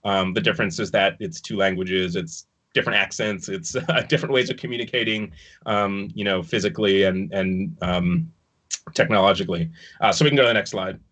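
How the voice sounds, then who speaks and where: Man telling a rambling, bright story. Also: deep voice, brisk. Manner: rambling, with many fillers and restarts, chuckling at times. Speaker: video and projection designer on a dance production. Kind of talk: casual recounting in an online panel discussion.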